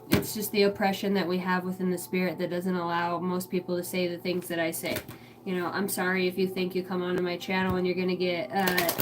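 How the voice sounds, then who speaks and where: A woman's voice: lowish voice, noisy background. Rambling, foul-mouthed young woman streamer. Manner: rambling, swears a lot, animated. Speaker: livestream psychic reader. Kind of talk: casual livestream chat. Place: home.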